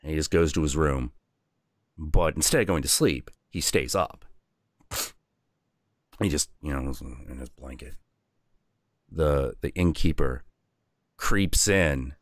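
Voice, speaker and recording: A man hosting a stream, telling a folk tale in a casual, crude, animated way. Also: a bass voice, takes it slowly, pauses often, dry recording, clean studio sound. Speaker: streamer host.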